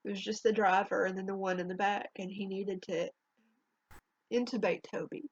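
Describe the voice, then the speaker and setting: A woman telling a painful personal story in a halting, emotional way, her voice trembling near tears, in a dull lo-fi home recording. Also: medium pitch, level tone, husky, no room sound. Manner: halting, emotional, with restarts and long pauses. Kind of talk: personal spoken testimony.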